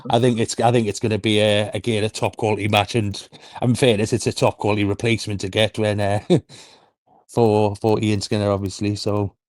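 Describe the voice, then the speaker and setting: A man's voice: fairly low pitch, flat delivery, darkish tone, no room sound, clean studio sound. Laid-back, jokey man on a podcast. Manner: laid-back and jokey, laughs often, halting starts. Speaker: podcast co-host. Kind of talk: casual wrestling podcast chat.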